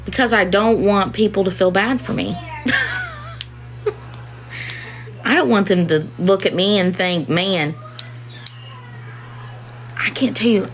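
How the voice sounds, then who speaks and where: A woman's voice: mid-range voice, fairly bright tone, rough recording. A woman, a mother of four, talking candidly and ramblingly in a casual personal talk to camera. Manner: candid and rambling, many "you know"s.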